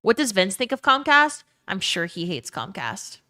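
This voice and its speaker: A woman's voice: medium pitch, very animated, normal speed, sharp tone. A young woman streamer in casual chat, ranting with plenty of swearing and reading chat messages aloud. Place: her own emptied bedroom.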